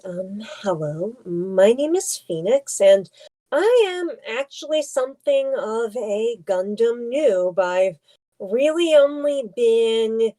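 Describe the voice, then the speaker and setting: A young woman co-hosting a podcast in casual chat, talking hesitantly with many pauses and restarts. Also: medium pitch, dark tone, poor audio. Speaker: podcast co-host.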